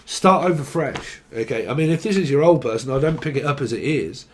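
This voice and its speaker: A man's voice: medium pitch, expressive, brisk. A young man giving a casual tarot reading, joking, rambling and swearing freely. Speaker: tarot reader.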